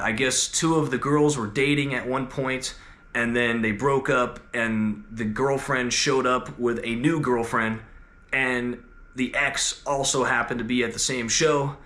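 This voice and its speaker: A man's voice: mid-range voice, fairly even intonation, a little slow, fairly bright tone. A man in his twenties telling a story in a casual, rambling way, full of filler words. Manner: laid-back, rambling, heavy filler words. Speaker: host. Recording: roomy echo.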